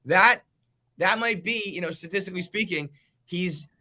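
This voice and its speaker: A man's voice: high voice, moderate pace, sharp tone. A man co-hosting a sports podcast, talking casually and ranting with lots of swearing. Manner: profane, heated ranting. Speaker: podcast co-host.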